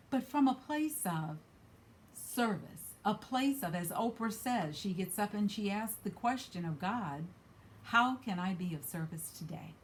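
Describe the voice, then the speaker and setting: A woman's voice: mid-range voice, animated, a little slow. Earnest woman giving a card reading. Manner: earnest, emphatic, repeats key phrases. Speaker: card reader.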